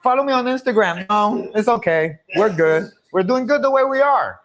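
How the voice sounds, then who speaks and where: Animated man telling stories, laughing. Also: high voice, moderate pace. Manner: animated, profane, laughs often. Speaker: streamer. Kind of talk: casual storytelling chat. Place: livestream room.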